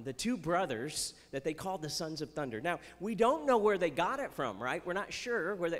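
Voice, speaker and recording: Performing chatty Christian stand-up at a festival in front of a live crowd, this man tosses out playful jokes and asides. His voice is on the high side, and a large hall surrounds it.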